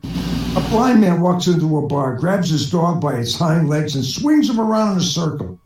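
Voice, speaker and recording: A man's voice: on the high side, very animated, normal speed, background noise. A man telling one bar joke after another as a stand-up comedian, laughing at his own jokes. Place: online voice chat room. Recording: echoey room from far off.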